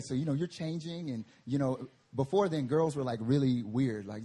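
A male pastor preaching a sermon at a church service, telling animated stories and laughing through them. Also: medium pitch, normal speed, slightly rough.

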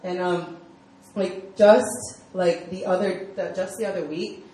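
A woman's voice: lowish voice, fairly even intonation, slow, dark tone. Chatty young woman preaching in an echoey hall. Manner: chatty storytelling full of fillers. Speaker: speaker at a church youth group. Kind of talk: casual sermon. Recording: echoey room, mic far off, faint ambience.

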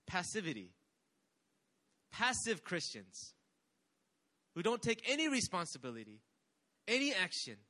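Casting note: young male pastor, sermon delivery, high animated voice with lots of swing, call-and-response energy.

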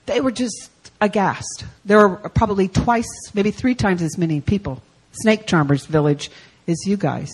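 A woman preaching as a guest speaker at a church service, telling a story with animated swings from loud to hushed and acting out the people she quotes. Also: mid-range voice, moderate pace, few pauses, breathy edge, rough recording. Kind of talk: sermon storytelling.

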